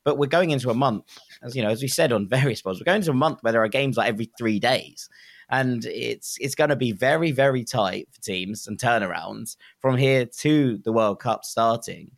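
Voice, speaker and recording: A man's voice: mid-range voice, normal speed, gravelly, no room sound, studio quality. A man co-hosting a football podcast, chatting casually and often repeating words as he starts a thought.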